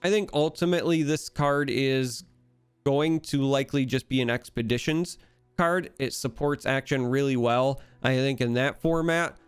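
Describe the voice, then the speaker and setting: A man's voice: mid-range voice, normal speed, clear, resonant tone, no room sound. A man with a Midwestern American accent, talking enthusiastically and analytically in casual solo commentary about a card game. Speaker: card game content creator.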